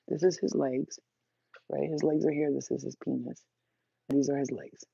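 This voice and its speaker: A woman's voice: deep voice, fairly even intonation, moderate pace, creaky, a little mellow, husky, no echo, muffled recording. A woman vlogger rambling bluntly to the camera, crude and laughing often. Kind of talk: casual rambling monologue.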